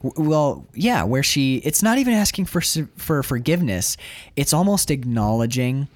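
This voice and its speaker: A man's voice: medium pitch, moderate pace, no room sound. A man co-hosting a podcast, talking casually and emotionally with frequent swearing and restarts. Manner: animated, emotional, swears freely, many restarts. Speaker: podcast co-host reviewing a film. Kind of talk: casual chat.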